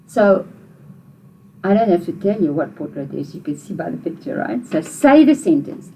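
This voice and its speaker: A woman's voice: lowish voice, very animated, moderate pace, warm tone, a little hiss or hum, poor audio. A woman with a South African accent teaching a video language lesson to children, patiently repeating phrases for learners to say back.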